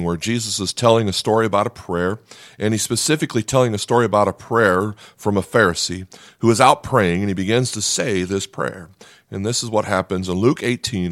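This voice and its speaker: A man preaching a sermon in an animated, conversational way, often checking in with the listeners. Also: lowish voice, no room sound, studio quality. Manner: animated, conversational preaching with frequent "right?" asides. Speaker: pastor.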